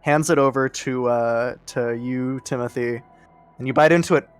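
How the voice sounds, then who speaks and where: A man at a middle pitch runs a tabletop game in an easy, chatty way. He fills gaps with ums and breaks into laughing asides. Faint music plays behind him. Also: fairly even intonation, normal speed, clean tone. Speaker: game master.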